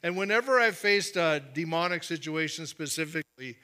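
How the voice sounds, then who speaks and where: Male pastor, conversational sermon, higher bright tone, quiet firm emphasis. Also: animated, fairly quick.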